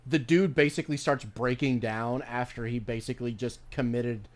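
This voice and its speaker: A man's voice: medium pitch, steady tone, moderate pace. A man streaming a game, talking casually in a rambling, profane way, often restarting his sentences. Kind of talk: casual commentary while playing a game.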